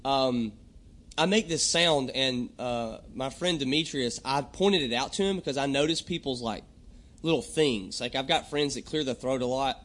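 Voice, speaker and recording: A young adult man hosting a podcast, talking in a rambling, jokey monologue and often clearing his throat. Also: mid-range voice, normal speed, fairly bright tone. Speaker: podcast host. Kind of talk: casual comedic monologue.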